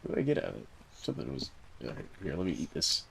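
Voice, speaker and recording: A man's voice: extremely low pitch, sing-song, rapid-fire, vocal fry, fairly bright tone, a little hiss or hum. A man with a Southern US accent chatting casually while streaming a game, rambling through stories with lots of fillers and chuckles. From Southern United States. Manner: rambling storyteller, heavy fillers, chuckles through his tale. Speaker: game streamer and server host. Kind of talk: casual chat while gaming on a live stream.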